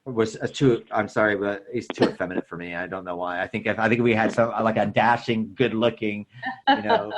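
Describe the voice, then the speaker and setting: Rambling man with a low voice. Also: expressive, fairly quick, a little hiss or hum. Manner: rambling, hesitant, with frequent restarts and chuckles. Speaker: podcast co-host. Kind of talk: casual chat about films.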